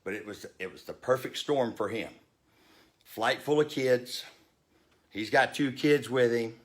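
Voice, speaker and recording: A man's voice: mid-range voice, measured pace. A man in his fifties telling a story in a heated rant, blunt and profane. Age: 50s. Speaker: vlogger.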